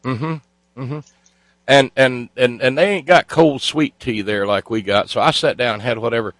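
Rambling missionary, folksy drawl, played by a man, bright voice. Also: mid-range voice, moderate pace, dry recording, lightly acted, poor audio. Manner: drawling, stumbling, tells tall tales. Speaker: comic radio co-host.

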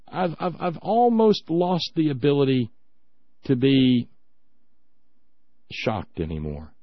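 A man's voice: a little high, no room sound, highs cut off. A man hosting a talk radio show, ranting with indignant sarcasm.

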